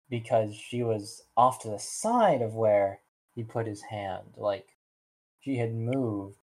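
A man co-hosting a podcast, reading part of a story and chatting in a relaxed way. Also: mid-range voice. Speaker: podcast co-host. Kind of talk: casual story reading and chat.

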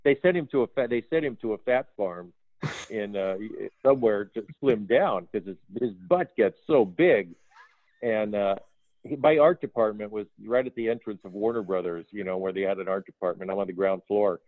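A man working as a film art director, telling lively behind-the-scenes stories in a casual interview, acting out quoted dialogue and laughing often. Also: lowish voice, moderate pace, no echo. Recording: phone-like dry audio.

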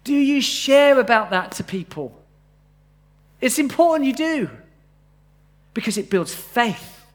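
High-voiced male preacher. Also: sing-song, slow pace, pauses often. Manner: conversational, asks the congregation questions. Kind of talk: sermon. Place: church, live congregation.

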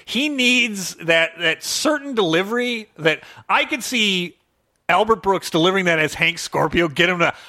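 A man co-hosting a casual movie review podcast, emphatic and quick to laugh. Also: high-pitched, expressive, pushed and bright, no echo, clean studio sound. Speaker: podcast co-host.

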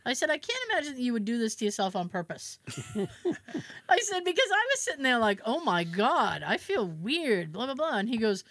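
A woman's voice: a little high, big pitch swings, normal speed, fairly bright tone. A woman hosting a podcast, telling a story in casual chat, acting out quotes, laughing often and swearing freely. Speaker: podcast host.

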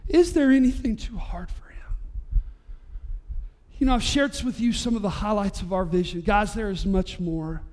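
A man, preaching a sermon as pastor and telling a story in an animated way, his voice rising to near-shouts at the high points. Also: moderate pace. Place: church sanctuary.

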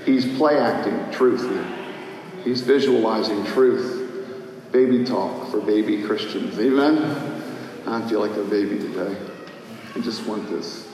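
A man's voice: on the low side, unhurried, distant mic. Pastor, man, fervent sermon delivery, big reverberant sanctuary sound, faint room noise. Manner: impassioned, swinging between shouting and hushed prayer. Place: church sanctuary. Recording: echoey hall, faint ambience.

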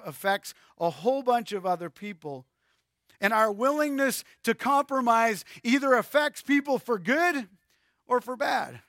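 A man's voice: high voice, fairly bright tone, dry recording, clean studio sound. A male pastor preaching a sermon with emphasis and addressing his listeners directly.

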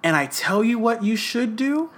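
A man co-hosting a podcast in casual chat, ranting with passion and swearing a lot, a little rough around the edges. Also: extremely high pitch, big pitch swings, normal speed, fairly bright tone. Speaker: podcast co-host.

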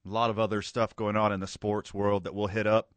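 A man's voice: on the low side, flat delivery, brisk, no echo. Male radio host, upbeat banter, dry close mic, studio sound. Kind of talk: sports radio talk. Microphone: studio microphone.

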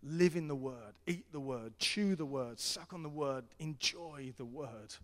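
A middle-aged man preaching a sermon as pastor, earnest and repetitive, swinging between loud appeals and hushed tones. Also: mid-range voice, measured pace. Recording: long hall reverb.

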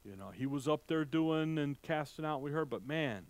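A man preaching verse by verse in a conversational way, reading old scripture slowly and acting out the crowd's reactions in a raised voice, with halting restarts. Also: a little mellow, dry recording. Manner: conversational, acts out the townspeople's voices with rising pitch. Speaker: pastor. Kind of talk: sermon, verse-by-verse Bible teaching.

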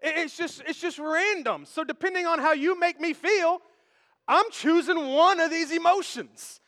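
A man's voice: extremely high pitch, normal speed, sharp tone. A male pastor preaching a sermon on a church stage, in a playful, conversational way, joking with the congregation. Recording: echoey hall with long reverb.

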